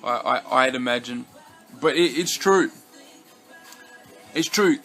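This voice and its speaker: A young Australian man from Western Australia vlogs in a loose, rambling way, with a mid-range, sharp-toned voice at a slow pace. He curses heavily and keeps restarting sentences and using fillers, with faint music in the background.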